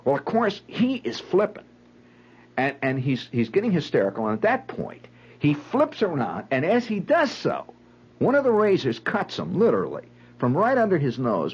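Husky, animated male storyteller. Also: medium pitch, poor audio. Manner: dramatic, vivid, conversational retelling. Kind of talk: spoken storytelling monologue.

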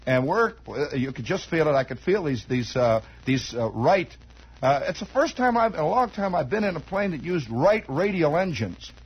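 A man's voice: fairly high pitch, sing-song, moderate pace, breathy edge, poor audio. A man telling a long, rambling comic story, chatty and digressive, full of asides and restarts.

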